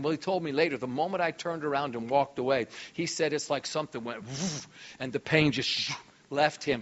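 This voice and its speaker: Brief: middle-aged male preacher, raised pitch, animated storytelling, lo-fi church sound. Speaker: guest preacher. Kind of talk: sermon storytelling. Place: church hall.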